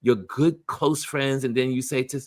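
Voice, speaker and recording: A man hosting a casual motivational chat, talking about friendship in an animated way and acting out what people say. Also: mid-range voice, moderate pace, no echo, studio quality. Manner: animated, acts out quoted voices. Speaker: host.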